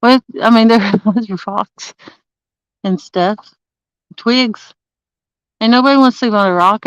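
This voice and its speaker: A woman's voice: fairly high pitch, unhurried, long pauses, clear, resonant tone, no room sound, highs cut off. A woman chatting casually on a live stream from a campsite, greeting viewers by name and laughing often. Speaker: livestreaming angler. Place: campsite outdoors.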